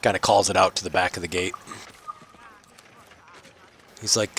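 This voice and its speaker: A man's voice: deep voice, steady tone, moderate pace, vocal fry, long pauses, fairly bright tone, breathy edge. A man narrating as the game master of an online tabletop game, talking loosely with many fillers.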